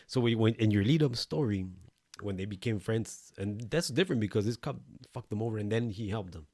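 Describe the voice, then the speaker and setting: A man's voice: fairly low pitch, expressive, brisk, warm tone, dry recording, studio quality. A man co-hosting a podcast, telling his own story in a loose, profane, streetwise way. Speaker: podcast co-host. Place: El Paso recording studio.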